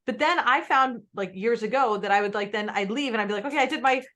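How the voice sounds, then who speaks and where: A woman's voice: mid-range voice, brisk, bright, forceful tone. Chatty woman podcast host, swearing casually. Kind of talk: podcast interview.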